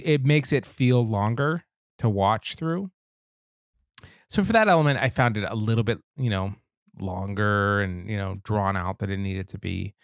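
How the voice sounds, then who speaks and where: A man co-hosting a film podcast, talking in a relaxed, laid-back way about movies. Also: lowish voice, clear, resonant tone, no room sound, studio quality. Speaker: podcast co-host. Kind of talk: casual film discussion.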